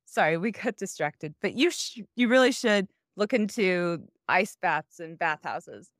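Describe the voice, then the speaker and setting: A woman co-hosting a podcast over a remote call, chatting casually, excitable and swearing freely. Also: on the low side, a little slow, dry recording, studio quality. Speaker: podcast co-host.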